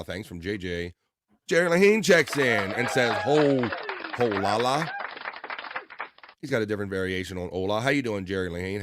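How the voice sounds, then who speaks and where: A man's voice: lowish voice, no echo, studio quality. A man hosting a livestream, reading viewers' chat messages aloud in an upbeat, playful way and riffing on their names. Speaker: livestream host.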